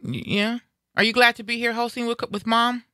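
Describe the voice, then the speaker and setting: Middle-aged lady hosting a live show, bright voice, playful and upbeat. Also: fairly high pitch, fairly even intonation, normal speed, no echo, studio quality. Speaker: radio show host. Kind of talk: casual live show chat.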